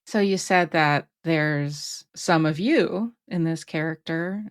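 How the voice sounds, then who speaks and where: A woman's voice: sits low, slow. A woman hosting a podcast, asking thoughtful questions in a casual interview.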